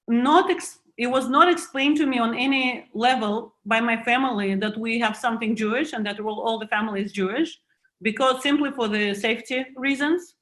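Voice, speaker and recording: Russian-accented woman in her 40s, kinda high voice, thinking out loud, lots of restarts. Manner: reflective, searching for words with restarts. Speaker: guest author. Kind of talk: video call conversation.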